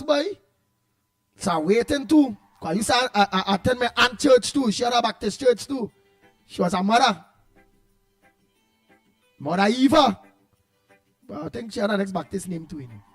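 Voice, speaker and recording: A man's voice: high voice, expressive, normal speed, long pauses, soft background music. A Trinidadian man hosting a casual morning radio show, rambling and calling out listeners' names in greeting. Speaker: radio host.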